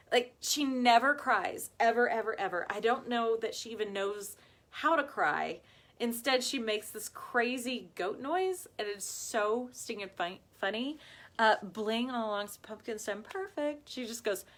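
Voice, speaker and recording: A woman's voice: medium pitch, a little hiss or hum. Chatty woman gushing over crafts. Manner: chatty, gushing, addresses viewers as y'all. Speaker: craft shop owner hosting a live video. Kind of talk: casual live craft demo chat.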